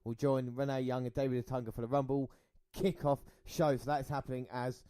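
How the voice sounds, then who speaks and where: A man's voice: mid-range voice, little pitch movement, brisk, dry recording. Chatty man co-hosting a podcast. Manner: chatty, reads shout-outs and news. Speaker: podcast co-host. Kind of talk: casual chat and news reading.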